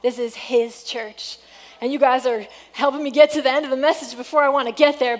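Earnest high-voiced woman pastor preaching. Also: steady tone, fairly quick. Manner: earnest, exhorting, often drops to a soft hush. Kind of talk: sermon. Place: church sanctuary.

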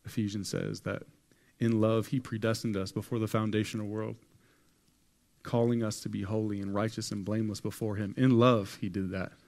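A man's voice: on the low side, level tone, a little fast, vocal fry, a little mellow. A man preaching a sermon to a congregation, telling a story with casual slang and acting out the quoted voices. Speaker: pastor. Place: church hall with an audience.

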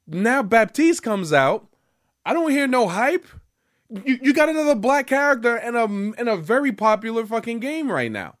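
A man's voice: very high voice, big pitch swings, normal speed, fairly bright tone. A young man ranting casually as a gaming vlogger, rambling and profane.

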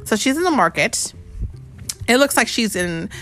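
Animated mom reading a storybook aloud. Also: female voice, on the high side, normal speed, faint music behind. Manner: chatty, animated, asks the child questions. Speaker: parent reading to her child.

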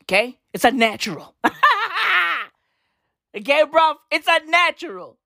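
A woman's voice: fairly high pitch, animated, a little slow, dry recording, studio quality. A woman from Africa doing a comedic rant to camera, profane and slangy, hammering her points with repetition. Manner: profane, slangy, emphatic, repeats lines for effect. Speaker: comedic commentator.

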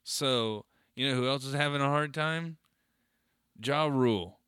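Man, podcast co-host, bright crisp voice, dry close mic, jokey banter. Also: medium pitch, measured pace, no room sound. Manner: jokey, laughs often, slips into silly put-on voices. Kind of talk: casual banter.

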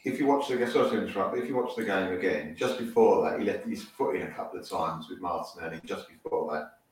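A man's voice: sits low, quick pace, slight background noise. A man on a football podcast, opinionated and indignant, his voice picked up from a distance. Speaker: podcast panelist. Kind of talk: casual chat. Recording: distant echoey mic.

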